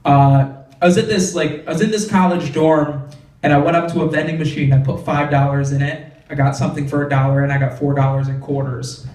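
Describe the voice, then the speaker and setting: A man's voice: on the high side, fairly even intonation, brisk, darkish tone, recorded from a distance. Young man doing stand-up in an echoey club. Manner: conversational, frequent "like" fillers, punchy punchlines. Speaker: stand-up comedian. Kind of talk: stand-up comedy set. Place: comedy club stage.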